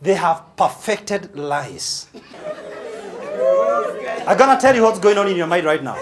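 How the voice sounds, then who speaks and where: A man's voice: high-pitched, sing-song, unhurried, a crowd in the background. A man with a Kenyan accent giving a humorous conference speech, teasing and provocative in a large hall. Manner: teasing, punchy, playfully provocative. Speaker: motivational speaker. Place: large hall with a live audience.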